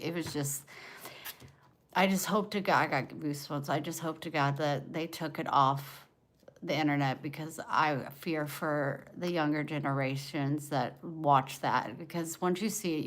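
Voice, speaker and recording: A woman livestreaming from home, venting raw and emotional while she answers viewers by name. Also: sits low.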